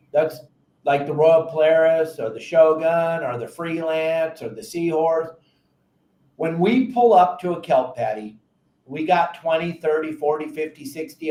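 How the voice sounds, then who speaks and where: High-voiced, lively fishing show host. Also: male voice, echoey room. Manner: animated storyteller, acts out frantic quotes. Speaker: podcast host and fishing captain. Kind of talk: casual fishing advice talk.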